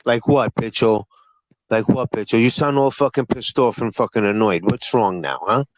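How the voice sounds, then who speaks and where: A man's voice: fairly low pitch, no echo, poor audio. Profane, needling male stream host. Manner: profane, needling, rapid-fire questions. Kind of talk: casual live-stream panel chat.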